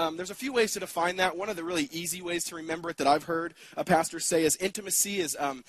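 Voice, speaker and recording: A man's voice: fairly high pitch, fairly bright tone, no room sound. A man giving a conversational keynote sermon at a conference, casual and self-deprecating, with lots of fillers and restarts. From United States.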